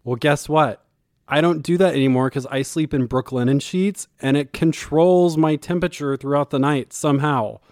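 A man's voice: on the high side, normal speed, a little mellow, dry recording, studio quality. A man co-hosting a podcast, reading ads in a playful, teasing banter. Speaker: podcast co-host. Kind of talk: playful ad read.

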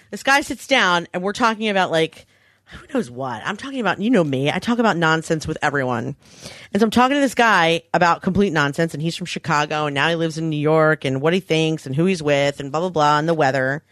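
A woman co-hosts a podcast, chatting casually and telling animated stories where she acts out quotes with big jumps in pitch. She talks a little fast, and the recording is dry and studio quality.

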